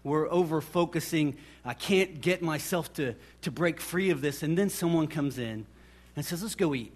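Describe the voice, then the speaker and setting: A man's voice: fairly high pitch, normal speed. A middle-aged man preaching a sermon, telling personal stories and acting out what people said. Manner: storytelling, animated, acts out quoted voices. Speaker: pastor.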